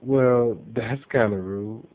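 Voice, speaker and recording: A man voicing a gentle, amused male figure of love who speaks slowly, recorded with a tinny phone-like sound. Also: mid-range voice, natural voice.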